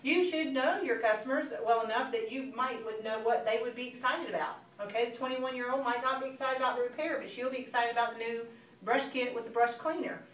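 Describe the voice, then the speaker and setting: A woman, giving an animated motivational sales training talk to a live audience and acting out phone calls. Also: a little high, brisk. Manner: animated, acts out phone calls, addresses listeners as girl. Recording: echoey room, from a distance, faint background noise.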